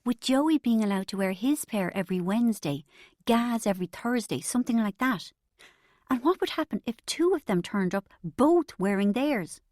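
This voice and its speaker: Woman narrator, lively wry comic reading, dry close sound. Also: on the high side, moderate pace, no echo. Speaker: audiobook narrator. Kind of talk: scripted novel narration.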